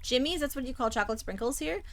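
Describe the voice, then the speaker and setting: A Dutch woman with a high-sitting voice and lively intonation streams a game, chatting fast and casually. She's bubbly and talkative, reading the chat aloud as she goes.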